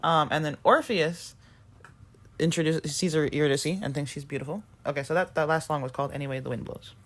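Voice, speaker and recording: A woman's voice: low voice, steady tone, fairly quick. A woman co-hosting a podcast, retelling a musical's plot in a casual, rambling way with plenty of fillers and restarts. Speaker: podcast co-host. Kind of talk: casual chat.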